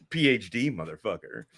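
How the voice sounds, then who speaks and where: A man's voice: fairly low pitch, fairly bright tone. A man hosting a live stream in casual chat, crude and combative, swearing freely. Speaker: podcast host.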